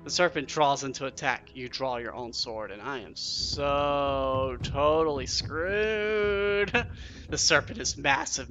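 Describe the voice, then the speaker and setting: A man doing let's-play commentary, reading game text aloud and reacting with excited, cursing self-talk. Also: mid-range voice, slight background noise. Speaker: game streamer.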